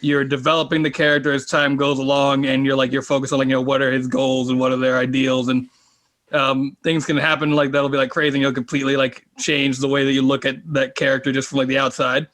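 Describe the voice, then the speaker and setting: A man's voice: medium pitch, monotone, quick pace, fairly bright tone. A man talking casually as a podcast guest about running and playing tabletop games, rambling with many fillers and restarts. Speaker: guest, tabletop game player and game master.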